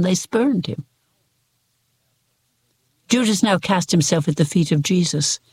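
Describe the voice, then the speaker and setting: A reader giving a measured, expressive scripted narration of a religious book. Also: mid-range voice, slightly rough, no echo. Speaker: audiobook reader.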